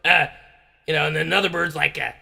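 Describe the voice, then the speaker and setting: A bombastic talk-show ranter, as a man impersonates him speaks in a gravelly, raspy, high-set voice that erupts into shouting. He stumbles through fillers and then booms out his outrage. The tone is sharp and forceful. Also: steady tone, full character voice. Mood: ranting. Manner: blustering, bursts into shouting, halting filler-heavy rant. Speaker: comedian doing a parody rant. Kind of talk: comedic impression rant.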